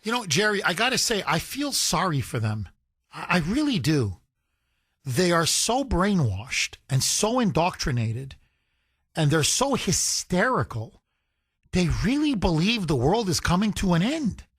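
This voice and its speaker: A man's voice: high-pitched, very animated, unhurried, fairly bright tone, husky, no room sound, studio quality. A man hosting a call-in talk radio show, talking emphatically with sarcastic jabs. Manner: sarcastic, emphatic, mocking imitations.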